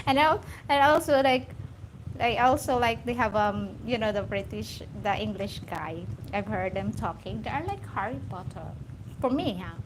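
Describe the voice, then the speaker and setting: A woman's voice: mid-range voice, normal speed, a little hiss or hum, rough recording. A woman from the Philippines with a Filipino accent, a guest chatting casually in an interview and laughing often. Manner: giggly, animated, laughs often. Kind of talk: casual chat.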